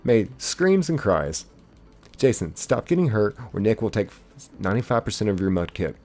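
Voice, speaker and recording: A male streamer on a live gaming broadcast, rattling off chat messages one after another in a playful, excitable way. His voice sits a little low and sounds warm and dark. He talks loosely and casually, like he's hanging out with his viewers. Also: soft background music. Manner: reads chat messages aloud in quick succession, playful and excitable; casual, uses "y'all".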